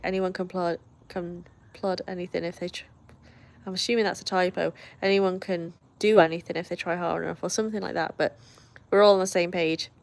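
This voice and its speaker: A woman's voice: mid-range voice, vocal fry. A British woman hosting a livestream, chatting casually and reading out viewer comments with frequent laughs. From Britain. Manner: chatty, laughs often, friendly asides. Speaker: livestream host.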